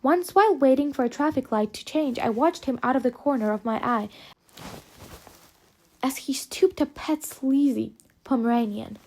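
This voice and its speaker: A woman reading an audiobook aloud, narrating in measured, phrase-by-phrase delivery. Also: sits high, darkish tone. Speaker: audiobook reader. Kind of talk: scripted narration.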